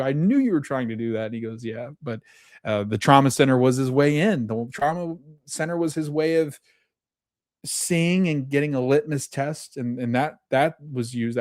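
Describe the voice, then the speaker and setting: A man's voice: mid-range voice, normal speed, darkish tone, no room sound, studio quality. A man recapping a TV episode on a podcast in casual chat, rambling with many fillers and restarts and laughing often.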